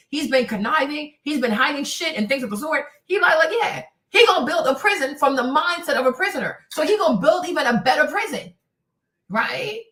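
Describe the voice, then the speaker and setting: High, bright-voiced woman ranting. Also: echoey room, recorded from a distance. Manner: impassioned, profane, rambling. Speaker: host. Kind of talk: livestream commentary.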